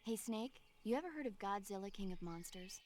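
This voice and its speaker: A woman's voice at a middling pitch: an actress playing a cheerful young radio supporter in a game who never stops talking about films. She sounds chatty and keen, with faint noise underneath. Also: animated, fairly quick, darkish tone, close to an everyday voice. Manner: chatty, enthusiastic about movies. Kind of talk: game cutscene dialogue.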